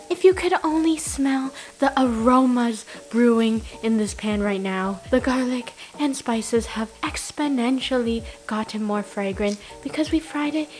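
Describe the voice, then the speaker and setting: High-voiced playful woman cooking host. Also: a little slow, few pauses, a little mellow. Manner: playful and jokey, with sing-song asides. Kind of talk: casual cooking narration.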